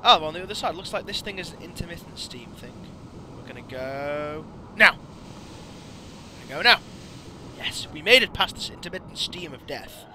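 Excitable man with a high voice. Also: moderate pace, slight background noise. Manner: excitable, yelps and swears at the game. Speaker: let's play host. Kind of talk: gameplay commentary.

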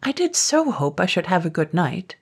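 A woman's voice: on the low side, big pitch swings, moderate pace, husky, exaggerated voice. A woman voicing a tired, fussy male dragon stuck minding a baby, with a plaintive, put-upon manner.

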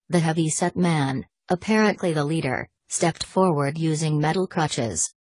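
A woman narrating an audiobook in a measured, steady reading voice. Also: deep voice, slightly rough.

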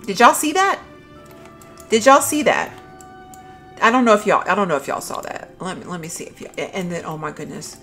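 Gushing woman excitedly touring game items. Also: mid-range voice, moderate pace, pauses often, faint music behind. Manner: gushing, exclamatory, addresses viewers as y'all. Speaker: gaming YouTuber. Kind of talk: excited game walkthrough commentary.

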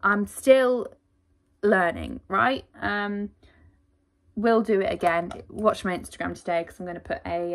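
Chatty woman with a gravelly edge. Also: mid-range voice, measured pace. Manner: rambling, chatty, self-deprecating. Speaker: vlogger. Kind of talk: casual diary vlog.

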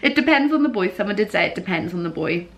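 A young woman chatting casually in a vlog, giggly and animated, breaking into squeals and disgusted groans. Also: mid-range voice, quick pace, very noisy. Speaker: vlogger.

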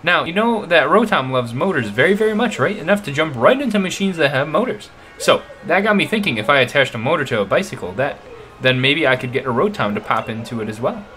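Man putting on fussy polite gentleman, formal speech, bright tone, lively pitch. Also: fast talker. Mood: delighted. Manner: formal, old-fashioned, gushing. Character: polite fussy male townsman, eager inventor.

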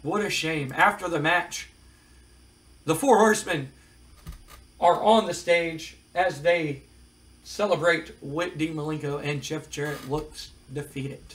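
A game commentator gives a casual play-by-play of a wrestling management sim, reading out match scores with wry asides. His voice is a little high and a bit bright, and he speaks slowly with long pauses. The recording quality is low.

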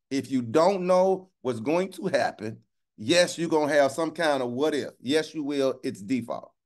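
A man preaching a sermon in a colloquial way, asking "right?" again and again and drawing out key phrases slowly for emphasis. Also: a little high. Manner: call-and-response, keeps asking "right?".

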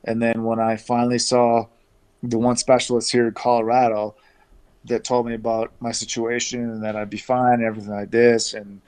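Canadian guy on facetime, laid back, rambles with lots of ums and restarts, mid-pitched voice. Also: moderate pace, clear, resonant tone. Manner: relaxed and chatty, with many fillers and restarts. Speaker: interview guest, former pro baseball player. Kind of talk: casual storytelling over a video call. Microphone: video call.

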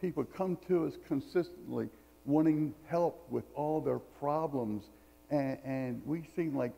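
A man's voice: medium pitch, unhurried, gravelly, warm tone, in a large hall, poor audio. A man preaching a sermon in a church, reading scripture and telling folksy stories with jokes. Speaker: pastor. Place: church sanctuary.

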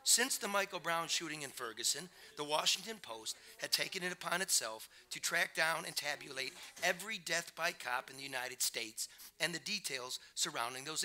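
Brash, bright-voiced male author reading. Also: on the high side. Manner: brash, profane, rapid-fire storytelling. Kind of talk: live reading and talk. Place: festival stage before an audience.

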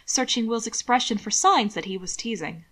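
A woman reading a fan fiction story aloud as narrator, in a calm, measured way. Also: a little high. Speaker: audiobook reader.

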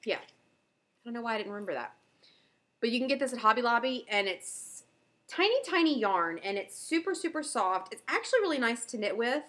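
Speaking a little fast in a slightly high, somewhat bright voice with big pitch swings, a Southern woman hosts her knitting video podcast. She shows and tells her projects in an easy, excited chat thick with fillers.

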